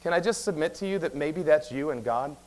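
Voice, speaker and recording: A man preaching a sermon as pastor, talking very fast and telling stories with quick asides. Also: a little high. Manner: animated storytelling with quick asides; talks very fast. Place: church sanctuary.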